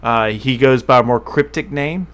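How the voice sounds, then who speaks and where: A man's voice: medium pitch, normal speed, a bit bright, clean tone. A man running a tabletop game as game master, narrating descriptively with frequent fillers and self-corrections.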